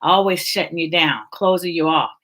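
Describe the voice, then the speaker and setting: A woman's voice: fairly low pitch, moderate pace, fairly bright tone, a little hiss or hum. A woman hosting a casual online talk about faith, emotional and encouraging, speaking over a video call. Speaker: host. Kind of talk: casual chat.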